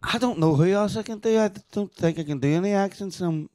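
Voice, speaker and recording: A man's voice: high voice, fairly quick, warm tone, no room sound, studio quality. A man with a Northern Irish accent hosting a casual comedy chat, teasing and laughing. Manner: laughing, teasing, tries silly impressions. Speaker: podcast host.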